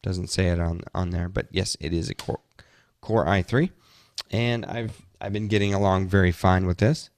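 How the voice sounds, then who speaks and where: A man's voice: deep voice, steady tone, normal speed, a little mellow, no room sound, clean studio sound. A tired man chatting casually about his gadgets as a podcast host, rambling with frequent restarts. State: tired, yawning. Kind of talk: casual tech talk.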